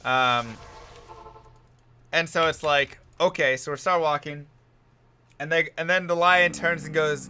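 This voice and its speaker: Bright, sharp-toned male streamer. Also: fairly high pitch, a little slow, pauses often, a little hiss or hum. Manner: animated, rambling, self-mocking. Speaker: game streamer. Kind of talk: casual storytelling while gaming.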